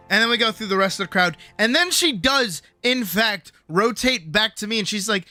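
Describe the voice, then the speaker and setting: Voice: mid-range voice, fairly quick, hardly any pauses, pushed and bright, no room sound, soft background music. A young adult streamer telling a work story in casual chat, swearing freely and acting out quoted voices.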